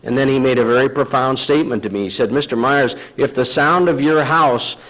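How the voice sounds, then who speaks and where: A man's voice: mid-range voice, brisk, fairly bright tone, low-quality recording. A man speaking at a recovery meeting, telling his own story and acting out past arguments in a storytelling manner. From Texas. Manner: storytelling, acts out dialogue with sarcasm. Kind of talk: personal testimony talk.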